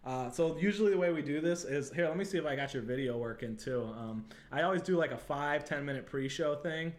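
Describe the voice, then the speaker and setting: A man's voice: on the high side, brisk. A man hosting a casual livestream, chatty and upbeat, talking to viewers over a webcam. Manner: upbeat, chatty, many fillers. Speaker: livestream host. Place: Santa Monica, Los Angeles.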